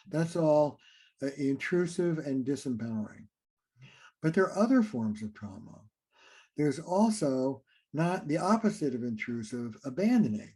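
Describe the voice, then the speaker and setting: A man's voice: mid-range voice, mellow. A man, a relationship therapist, explaining ideas in an interview and acting out little scenes between partners.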